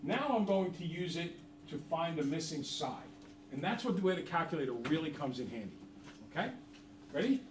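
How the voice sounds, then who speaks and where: A man's voice: on the high side, very animated, normal speed. A middle-aged man teaching a math class, chatty and jokey, quizzing the students. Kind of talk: classroom lesson. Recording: roomy, from far off.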